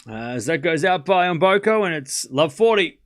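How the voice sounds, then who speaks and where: A man's voice: fairly high pitch, expressive, normal speed, fairly bright tone. Man calling tennis live on a stream. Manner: casual, thanks viewers for donations between points. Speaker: host of a tennis watchalong stream. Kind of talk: live play-by-play commentary over a scoring stream.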